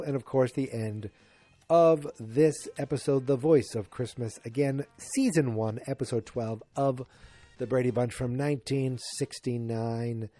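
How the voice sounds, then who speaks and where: A man's voice: mid-range voice, dark tone, no echo. Rambling man recapping a sitcom. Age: 40s. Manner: rambling, jokey, acts out characters in quick bursts. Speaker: podcast host. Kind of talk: casual solo podcast recap.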